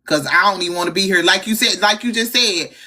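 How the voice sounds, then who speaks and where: A woman's voice: mid-range voice, fast talker, sharp tone. A woman, talking candidly and emotionally on a livestream, with frequent swearing. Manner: candid, profane, heartfelt. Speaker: livestream guest.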